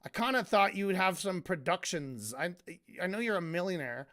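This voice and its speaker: Exasperated male streamer, high voice, sarcastic rant. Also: lively intonation, normal speed, a bit bright. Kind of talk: casual commentary rant.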